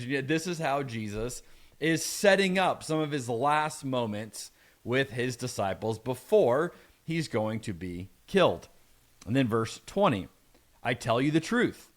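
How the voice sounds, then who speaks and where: A middle-aged man preaching a conversational sermon, reading scripture aloud and adding playful asides. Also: medium pitch. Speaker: pastor.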